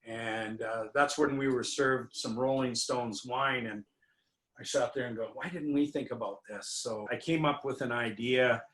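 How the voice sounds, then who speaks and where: A man's voice: mid-range voice, fairly even intonation, unhurried, fairly bright tone. A man, a winery owner, telling a rambling anecdote as an interview guest, with many fillers and restarts. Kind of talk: anecdotal storytelling in a conversation. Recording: roomy echo.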